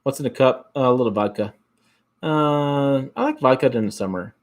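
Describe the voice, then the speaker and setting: A Michigan man with an Upper Midwest American accent hosts a casual livestream, reading viewer comments at a slightly fast clip in a medium-pitched voice. He rambles, repeats and restarts words often, and chuckles frequently.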